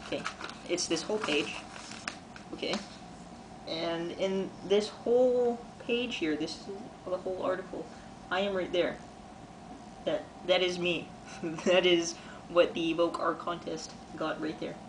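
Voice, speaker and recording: A young man in his twenties from Canada talks excitedly in a casual video diary, using lots of "like" fillers. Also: high-pitched, a little slow, long pauses. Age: 20s. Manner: chatty and excitable, many "like" fillers. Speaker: vlogger and artist. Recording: noisy background.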